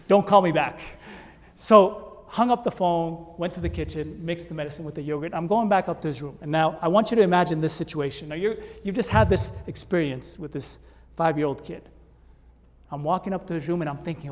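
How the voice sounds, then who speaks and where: A man giving a keynote on a conference stage, telling a story in an animated way and acting out the voices. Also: on the high side, fairly quick. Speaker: keynote speaker. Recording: long hall reverb.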